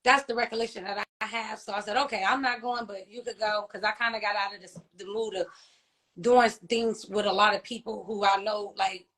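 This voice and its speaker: Her voice mid-range, steady and fairly bright, a woman who is a grieving mother and author shares her personal loss in an interview. The testimony is emotional and halting, laced with fillers and restarts, and she often pauses to ask whether she's understood: "you know what I mean?"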